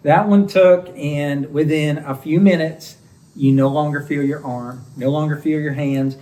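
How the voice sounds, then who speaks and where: A man's voice: a little high, level tone, a little slow, mellow, far from the mic, rough recording. A middle-aged man, a homestead channel co-host, casually telling about his surgery with an easygoing, joking manner. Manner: easygoing, joking, chuckles between phrases. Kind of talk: casual recovery story vlog.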